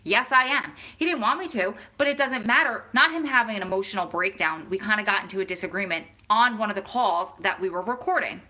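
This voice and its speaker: A woman vlogger answers her viewers' questions in a casual, chatty way and speaks straight to them. Her voice is bright and a little sharp, pitched in the middle for a woman. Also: animated, a little fast, few pauses. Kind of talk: casual chat.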